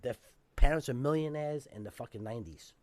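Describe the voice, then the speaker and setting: New man, fast, profane storyteller, mid-pitched, casual podcast guest. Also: darkish tone. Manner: emphatic, profane street-style talk.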